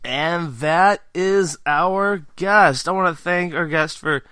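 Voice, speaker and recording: A man's voice: a little high, slow pace, sharp tone, clean tone, no echo, studio quality. A man hosting a wrestling podcast, chatting eagerly and reading out event listings in a rambling, enthusiastic way. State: out of breath. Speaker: podcast host. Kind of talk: casual podcast interview and event rundown.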